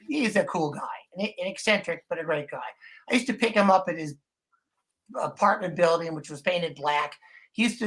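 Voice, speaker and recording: A man's voice: sits high, bright, forceful tone. An older man, a guest musician on a live stream, chatting casually and rambling through candid stories.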